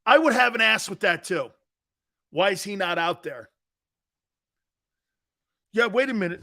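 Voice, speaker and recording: A man's voice: high-pitched, a little slow, creaky, pauses often. A man hosting a sports talk show, ranting in a brash, mocking, opinionated way. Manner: brash, mocking, animated rants.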